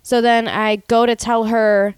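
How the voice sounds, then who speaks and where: Woman, somewhat high voice, dry close sound, profane animated storytelling. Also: unhurried, clear, resonant tone, no room sound. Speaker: podcast co-host. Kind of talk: casual chat, storytelling.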